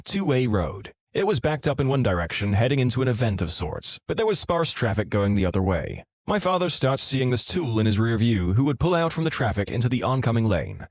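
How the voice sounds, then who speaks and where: Male story narrator, scripted reads, animated intonation, mid pitch. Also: no echo, studio quality. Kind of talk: scripted narration of online stories.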